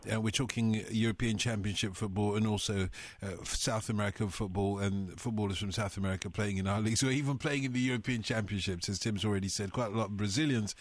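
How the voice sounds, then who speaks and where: A man's voice: fairly low pitch, fast talker, hardly any pauses, no echo. Chatty male radio phone-in host. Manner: chatty, self-mocking, reads out numbers and texts. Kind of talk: live radio presenting. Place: radio studio. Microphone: studio microphone.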